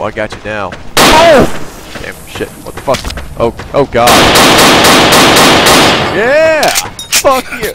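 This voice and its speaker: A young man giving profane, excitable let's play commentary with yelling outbursts. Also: mid-range voice. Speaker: gamer. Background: game music and gunfire.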